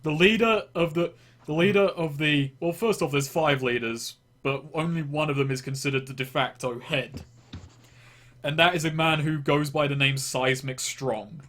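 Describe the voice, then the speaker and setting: A man's voice: fairly high pitch, moderate pace, a bit bright. A man running a tabletop game as game master, describing scenes in a loose, rambling way and often restarting his phrases.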